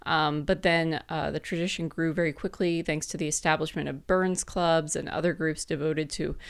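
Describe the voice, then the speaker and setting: A woman's voice: low-pitched, steady tone, moderate pace, vocal fry, smooth. A woman giving a casual, chatty explainer, with frequent fillers and light laughs. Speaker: presenter.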